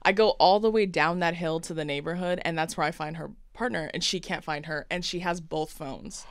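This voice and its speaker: A woman's voice: low-pitched, a little fast, clear, resonant tone, no echo, clean studio sound. A woman co-hosting a podcast, telling a story in casual chat and acting out the quotes. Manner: animated storyteller, acts out quotes. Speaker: podcast co-host.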